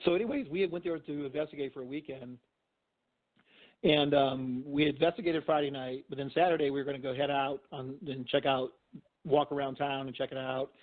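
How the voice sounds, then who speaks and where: A man's voice: mid-range voice, fairly even intonation, fairly quick. A middle-aged man, a guest, telling stories casually and rambling, with lots of "you know" and restarts. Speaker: guest, physician and paranormal investigator. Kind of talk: casual storytelling in a phone interview. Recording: tinny phone line.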